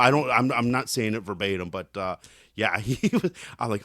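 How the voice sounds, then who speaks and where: A man's voice: on the low side, moderate pace, no room sound, clean studio sound. A man co-hosting a podcast, telling stories animatedly and acting out what others said, with jokes. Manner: animated storyteller, acts out quotes, jokey. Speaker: podcast co-host. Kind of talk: casual chat.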